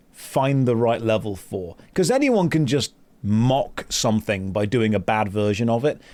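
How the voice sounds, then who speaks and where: A man's voice: mid-range voice, a little mellow. A man streaming a game, reading quest text aloud and chatting with viewers in a sarcastic, joking way. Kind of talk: casual live-stream chat while gaming.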